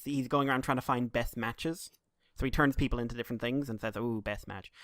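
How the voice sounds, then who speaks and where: A man's voice: mid-range voice, steady tone, quick pace, a bit bright, no room sound, studio quality. A man co-hosting a podcast, rambling and laughing as he chats, with many restarts. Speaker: podcast co-host. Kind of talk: casual chat.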